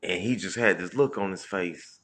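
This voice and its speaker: A man with a very deep voice hosts a live stream and tells a rambling street story. He curses freely, restarts his sentences and breaks off to greet viewers by name. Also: normal speed. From Indianapolis, Indiana. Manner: loose, profane street storytelling with many restarts and shout-outs. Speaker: comedian livestream host.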